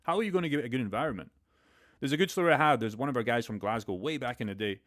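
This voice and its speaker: Fast-talking blunt man. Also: mid-range voice, lively intonation, a bit bright. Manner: fast, blunt, profane motivational talk. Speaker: crypto live stream host. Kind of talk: casual live stream chat.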